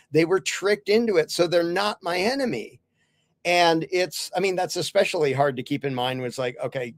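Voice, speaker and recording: A man's voice: fairly high pitch, no room sound. A man talking as a podcast guest and author, earnestly explaining his ideas through hypothetical questions in a casual interview.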